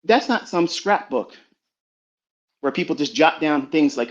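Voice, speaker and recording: On a dull, lo-fi recording, a middle-aged man acting as a trading mentor gives a blunt motivational lecture, profane and full of rhetorical questions. His voice is mid-range and a little fast.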